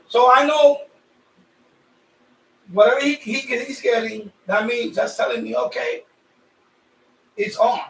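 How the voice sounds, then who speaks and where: A man's voice: high voice, creaky. A Puerto Rican man from New York, chatting casually on a radio hobby live stream, rambling and repeating himself, sweaty from the heat. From Puerto Rican family, raised in New York. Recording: echoey room, voice a bit far off.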